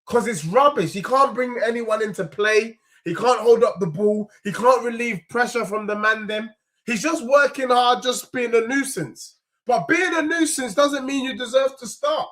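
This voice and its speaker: Heated young London man ranting, high-pitched. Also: moderate pace, a bit bright. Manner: heated, slangy, repetitive. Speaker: football fan channel host. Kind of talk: ranting match reaction.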